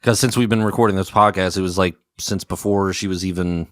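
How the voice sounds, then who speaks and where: A man's voice: deep voice, steady tone, brisk, dry recording, studio quality. A man co-hosting a podcast, telling a story in casual chat with lots of fillers and restarts. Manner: rambling storyteller, many fillers. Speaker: podcast co-host.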